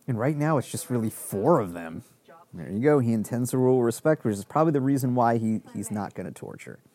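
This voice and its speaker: A man's voice: medium pitch, darkish tone. A man giving casual reaction commentary on a show, rambling with many restarts. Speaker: show reviewer.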